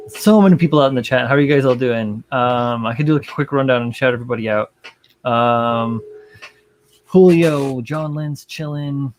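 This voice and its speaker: A man's voice: medium pitch, a little hiss or hum. Casual rambling man hosting a hobby stream. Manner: rambling, filler-heavy, swears casually. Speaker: livestream host. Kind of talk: casual livestream chat.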